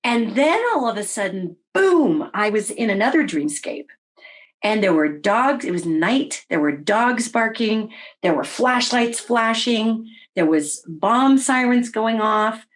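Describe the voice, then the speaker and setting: A middle-aged woman telling her own story in a casual interview, wry and animated, often voicing her own past remarks. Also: fairly high pitch, takes it slowly. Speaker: interview guest recounting experiences.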